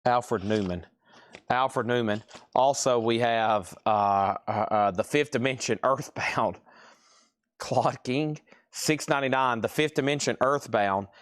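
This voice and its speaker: A man's voice: mid-range voice, slow pace, dry recording, studio quality. Drawling Southern man hosting a sale. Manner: drawls out words; chatty, reads out titles and prices. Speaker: live sale host. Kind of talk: live-stream record sale.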